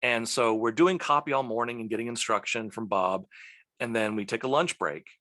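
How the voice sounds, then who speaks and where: A man from Texas, a guest voice actor, telling lively stories in a casual interview and slipping into the voices of people he quotes. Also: mid-range voice, normal speed. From Texas, USA.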